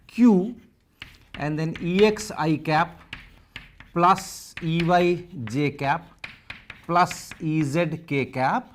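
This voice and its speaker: A man giving a physics lecture, working through equations step by step and repeating phrases as he writes. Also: fairly high pitch. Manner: repeats phrases while writing, methodical.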